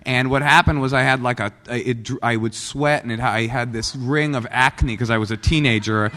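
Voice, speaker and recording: A man's voice: mid-range voice, steady tone, normal speed, sharp tone. Joking man in an echoing meeting hall. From Oakland, California. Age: 40s. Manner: joking, self-deprecating storyteller. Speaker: guest speaker at a recovery meeting. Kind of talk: personal recovery talk to a live audience. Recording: long hall reverb.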